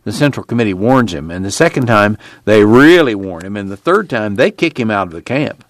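A man voicing a calm camp watchman who explains things in a matter-of-fact way. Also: lowish voice, a little fast, dry recording, studio quality.

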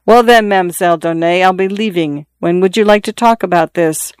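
Brief: a narrator playing a timid, dutiful young peasant man, halting and sincere, smooth tone. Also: high voice, dry recording, studio quality, close to an everyday voice. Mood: earnest, awkward. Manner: plain, halting and earnest. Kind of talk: audiobook character reading.

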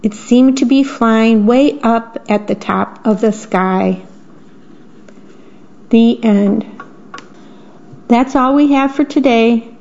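A woman volunteer radio reader, telling a bedtime story in slow, clear storytelling. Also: a little high, darkish tone. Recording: slightly dull radio broadcast.

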